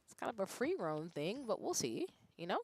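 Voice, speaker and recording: A woman streamer giving casual gameplay commentary, quietly muttering to herself while playing. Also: mid-range voice, very animated, a little fast.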